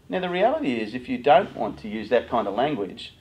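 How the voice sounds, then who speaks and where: A middle-aged man giving an animated motivational talk to parents as a youth worker, acting out the voices of parents and teens. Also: medium pitch, quick pace, hardly any pauses, rough recording.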